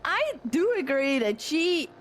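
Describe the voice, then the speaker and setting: A dramatic, defensive young woman, played by a woman in a game role-play. Her high voice bounces up and down as she talks, and a faint hiss sits under it. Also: sing-song, full character voice. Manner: flustered, apologetic, quick to back down. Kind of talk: improvised role-play chat.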